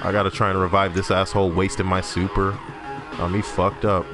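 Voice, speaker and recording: A man's voice: flat delivery, brisk. Give me a young male game streamer who rambles and laughs at his jokes, with music behind. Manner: rambling, laughing at own jokes, swearing, jumps into silly high voices. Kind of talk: casual live-stream chat while gaming.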